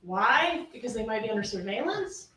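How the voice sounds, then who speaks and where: Female prosecutor, slightly high voice, emphatic closing to a jury, heard from across a roomy courtroom. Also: sing-song, normal speed, fairly bright tone. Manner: emphatic, rhetorical questioning. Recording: roomy courtroom audio from a distance, faint hiss.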